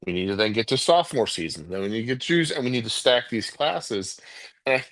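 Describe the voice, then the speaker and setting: A man's voice: mid-range voice, lively intonation, brisk, a bit bright, no room sound. A man co-hosting a sports call-in show, talking casually and rambling with many restarts and laughs.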